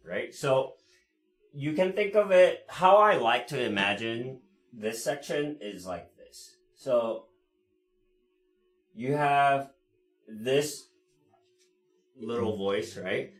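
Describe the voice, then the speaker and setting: A man teaching cello in a live lesson, explaining in a relaxed way with many fillers and frequent "right?" checks, pausing to play the instrument. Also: medium pitch. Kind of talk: live online music lesson. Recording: roomy sound with cello playing. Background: cello playing between phrases.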